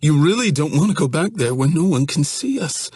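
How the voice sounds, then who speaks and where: A man voicing a scared young man who whines and pleads in a husky voice pushed high. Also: lively intonation, a little fast, darkish tone, no echo, studio quality. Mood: panicked. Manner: pleading, whining, voice cracking high.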